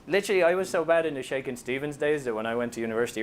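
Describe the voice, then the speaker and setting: A man's voice: medium pitch, expressive, very fast, slight background noise. Joking Irish man giving a talk. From Ireland. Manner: self-deprecating, joking storyteller. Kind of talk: comic public talk.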